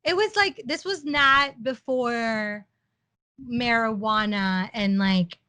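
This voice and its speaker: A woman's voice: a little high, slow pace, pushed and bright, no room sound. A woman co-hosting a podcast in casual chat, chatty and self-teasing. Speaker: podcast co-host.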